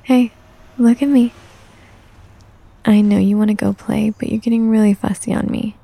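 A young woman in a caretaker role-play audio, soothing and coaxing with some gentle scolding, sometimes dropping to a soft whisper. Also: medium pitch, steady tone, moderate pace, vocal fry, no echo. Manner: drops to soft whispers at times.

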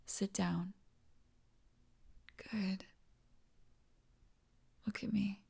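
A woman in a whispered role-play as a doting partner, talking softly and tenderly and often dropping into whispers. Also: mid-range voice, fairly even intonation, drawn-out words, vocal fry, breathy edge. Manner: soft, tender, soothing, slips into whispers. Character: doting, reassuring partner comforting the listener.

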